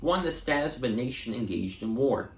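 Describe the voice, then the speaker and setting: A man reading dictionary entries aloud for an audiobook, measured and deliberate, sometimes restarting a word. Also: medium pitch, animated, echoey room. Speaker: audiobook reader.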